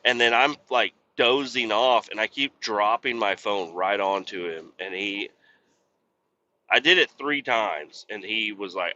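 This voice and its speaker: A man with a lowish, sharp-toned voice keeps a measured pace as he hosts a podcast from behind the wheel of a truck. He swears and wanders through relaxed anecdotes, and the muffled recording has a slight hiss or hum.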